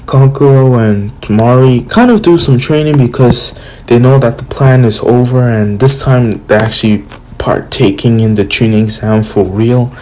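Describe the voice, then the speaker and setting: A man's voice: mid-range voice, normal speed, darkish tone, a little hiss or hum, rough recording. A young man casually retelling a fan story in a rambling way, full of fillers and restarts.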